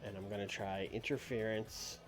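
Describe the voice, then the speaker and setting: A man streaming a wrestling booking game, musing aloud and swinging from soft to loud. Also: on the low side, steady tone, normal speed. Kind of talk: thinking aloud while playing a game. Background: faint music.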